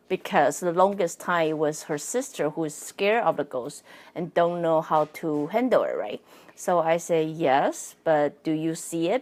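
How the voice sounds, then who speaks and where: Speaking in a deep, slightly mellow voice, a woman whose first language isn't English hosts a casual one-person podcast as a psychic and spirit coach. She keeps things chatty, laughs a lot and often asks "right?"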